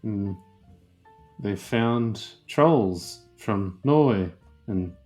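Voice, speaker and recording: A man's voice: fairly low pitch, expressive, extremely slow, a little mellow, soft background music. Sarcastic, profane podcast co-host man. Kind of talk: casual chat.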